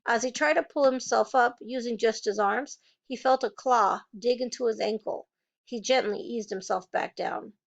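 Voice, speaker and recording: A woman's voice: a little high, normal speed, creaky, muffled recording. A woman reading a novel aloud, changing her voice to play each character. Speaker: reader.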